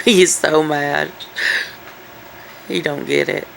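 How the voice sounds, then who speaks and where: A woman filming her pets at home indoors chats and coaxes them in a singsong voice for a casual home video. Her voice is low-pitched and creaky, with fairly even intonation and a slow pace, and the rough recording carries a little hiss or hum.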